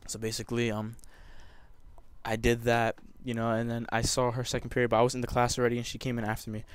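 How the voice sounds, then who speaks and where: A man's voice: mid-range voice, monotone, quick pace, clean tone. A young man telling a personal story over gameplay commentary, emotional and rambling, with many restarts. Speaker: gamer.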